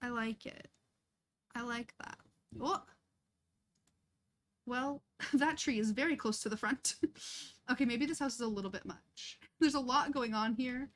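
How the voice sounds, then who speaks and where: Playing a life-sim game on a live stream, a young woman chats in a chatty, self-deprecating way, laughing often. Her slightly high, a bit bright voice moves a little slowly, with long pauses.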